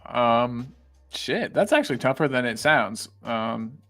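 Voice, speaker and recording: A man's voice: medium pitch, animated, slow, fairly bright tone, soft background music. A man co-hosting a casual live-stream podcast, easygoing with teasing banter. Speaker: podcast co-host.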